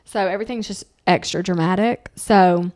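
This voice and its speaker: A woman's voice: on the low side, normal speed. A young woman hosting a casual family podcast chat, telling parenting stories and acting out the lines she quotes. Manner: animated storyteller, acting out quotes in sing-song voices. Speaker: podcast host.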